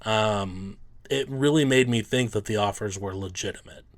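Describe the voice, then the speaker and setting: A man's voice: on the low side, normal speed. A sports card collector, a man, telling a personal story in a loose, rambling way, full of "um" and "you know".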